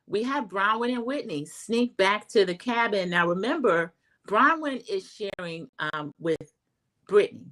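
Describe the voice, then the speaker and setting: A middle-aged woman hosting a livestream, casually recapping a reality TV episode and giving her opinions, chatty and animated when she acts out quoted lines. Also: mid-range voice, unhurried, rough recording. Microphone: home streaming setup.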